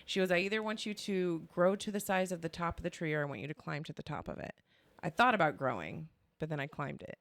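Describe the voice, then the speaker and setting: Woman podcast cohost, deep-ish and croaky, lively storytelling, acts out what ppl said. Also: fast talker, no echo. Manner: animated, quotes others, swears and laughs. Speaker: podcast co-host. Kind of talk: casual storytelling chat.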